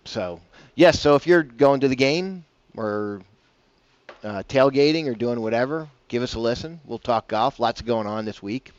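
A man's voice: medium pitch, animated, moderate pace, dull audio. A man hosting a casual morning golf radio show, rambling and chatty with self-deprecating asides, on a broadcast mic. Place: broadcasting from a bar.

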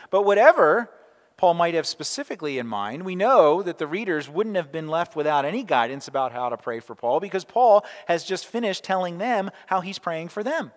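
A man preaching a sermon in a church sanctuary, his voice sitting a touch high for a man. He talks in an easy, conversational way, throwing in rhetorical questions and asides. A long reverb trails each phrase. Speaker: pastor.

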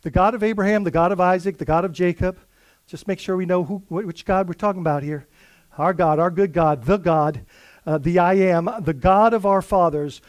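High-voiced earnest preaching man. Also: a little mellow, no echo. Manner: earnest, conversational preaching with many fillers and restarts. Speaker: pastor. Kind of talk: sermon.

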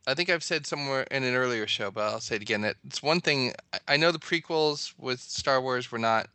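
A man's voice: medium pitch, fairly quick, sharp tone, clear, resonant tone, no room sound. A man co-hosting a casual podcast, talking in a rambling, hesitant way. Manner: rambling, hesitant, many restarts and fillers.

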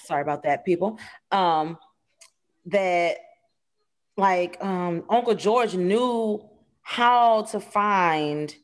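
A woman's voice: lowish voice, drawn-out words, pauses often. Hesitant woman co-host asking questions. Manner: hesitant questioning, many fillers. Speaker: podcast co-host. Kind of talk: casual chat.

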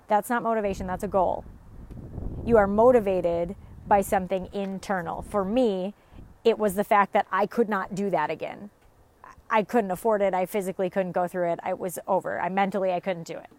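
A woman's voice: medium pitch, steady tone, moderate pace, darkish tone. A woman in her thirties, a fitness coach and mother, giving an earnest, emphatic motivational talk to viewers, repeating phrases for effect.

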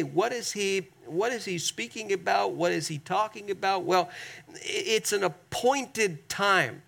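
A man delivers a sermon with a raised, gravelly voice. He leans hard on key words and slows down to stretch them. He pauses to ask the congregation to say a word back with him. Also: high voice, a bit bright. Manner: emphatic, drawn-out stresses, asks the congregation to repeat. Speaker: pastor.

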